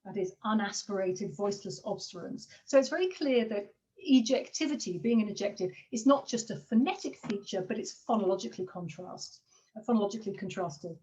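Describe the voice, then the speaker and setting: A woman lecturer delivers an academic seminar over a video call, her voice sitting at an ordinary middle pitch. She talks hesitantly, filling pauses with frequent ums and quick apologies. The computer microphone leaves the audio slightly dull and muffled. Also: lively intonation, mellow, slight background noise. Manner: hesitant, many fillers and apologies. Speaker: linguistics lecturer.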